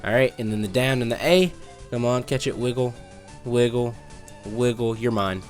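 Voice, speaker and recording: A man's voice: medium pitch, expressive, brisk, soft background music. A young man in his twenties telling a rambling childhood story while commenting on a game he plays, often losing his track mid-sentence. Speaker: let's play host. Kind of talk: casual gameplay commentary with storytelling.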